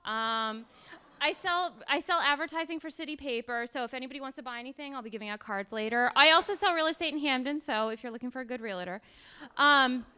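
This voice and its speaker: A young woman tells a personal story live to an audience, chatty and meandering with plenty of ums. Her voice sits high and sounds bright and crisp, and she pokes fun at herself as she goes. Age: young adult. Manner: chatty and rambling, with many ums; self-deprecating humor. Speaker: storyteller and salesperson.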